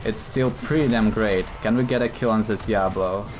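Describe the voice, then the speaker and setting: A man's voice: on the low side, normal speed, slight background noise. A man giving live commentary over his own gameplay, thinking aloud and explaining his choices in a hesitant, explanatory way.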